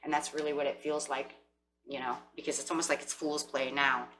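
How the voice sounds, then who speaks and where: With a rumbling low voice in a level tone, a woman gives a tarot reading a little fast against a noisy background. She addresses her viewers head-on and acts out lines she imagines the people she's describing would say.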